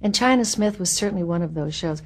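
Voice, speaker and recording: A woman in her seventies, an actress being interviewed, recalling her career in a candid, wry way with lively asides. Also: fairly low pitch, fast talker. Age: 70s. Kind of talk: reminiscing interview.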